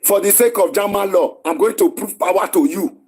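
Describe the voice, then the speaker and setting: A man's voice: sits high, brisk, darkish tone, husky. A Nigerian man hosting a live stream, scolding and arguing in a heated, repetitive way.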